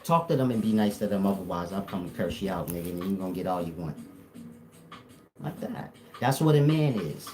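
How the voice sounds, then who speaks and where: A man's voice: deep voice, lively intonation, brisk, warm tone. A man with an African American Vernacular English accent, speaking as a spiritual teacher to a live audience, blunt, profane and joking.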